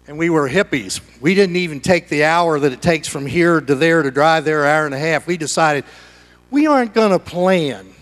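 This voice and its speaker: A middle-aged pastor with a high voice delivers a sermon in his church sanctuary at a normal speed. He moves between hushed, conversational asides and loud, excited shouts that urge the congregation on.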